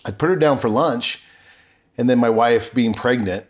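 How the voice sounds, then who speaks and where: A middle-aged man appears as a podcast guest, recounting his life story with earnest emotion and frequently correcting himself partway through sentences. His voice is medium in pitch and moves at a normal speed. It's candid personal storytelling.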